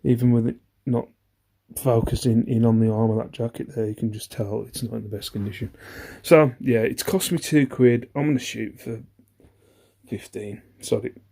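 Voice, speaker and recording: A man's voice: mid-range voice, steady tone, normal speed, vocal fry, warm tone. A man, chatting casually through an eBay reseller's haul video. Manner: chatty, rambling, self-deprecating, many ums.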